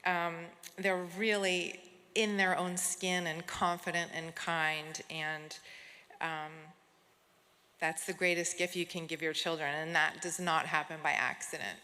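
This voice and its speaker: A middle-aged woman presenting an award on stage, speaking heartfelt and unhurried, with soft fillers, into a podium microphone. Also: on the low side, flat delivery. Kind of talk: tribute speech at an awards gala. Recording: long hall reverb, audience.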